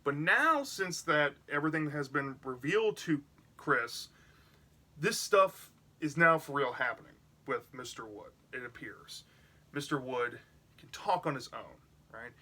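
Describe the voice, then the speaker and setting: A man's voice: a little high, lively intonation, unhurried, pushed and bright. A man giving a casual, chatty recap of a book's plot for a review, often checking in with "right?". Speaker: book reviewer.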